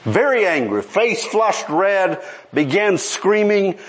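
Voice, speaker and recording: Animated high-voiced male preacher. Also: slow pace. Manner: animated, rhetorical questions, pleading. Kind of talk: sermon with storytelling.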